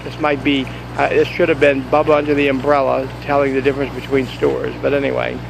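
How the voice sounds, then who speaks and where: Filming first in a store parking lot and then inside his car, a man tells a rambling, jokey story in a casual vlog. His mid-range voice is creaky and fairly quick, with a flat delivery. Background noise can be heard.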